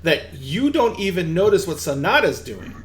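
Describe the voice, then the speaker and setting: A man's voice: a little high, big pitch swings, moderate pace. A man narrating a tabletop game as game master, rambling with fillers and restarts.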